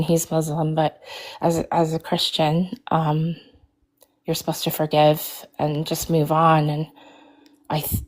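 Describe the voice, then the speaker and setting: On a livestream video call, a woman shares an emotional personal story, sounding close to tears and fighting to hold herself together. Her voice is low, flat and gravelly, and she speaks haltingly with many restarts and fillers.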